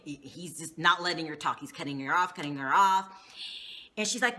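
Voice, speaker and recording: A woman's voice: mid-range voice, expressive, moderate pace, sharp tone. A woman giving a casual, gossipy recap of a reality show, swearing freely as she goes.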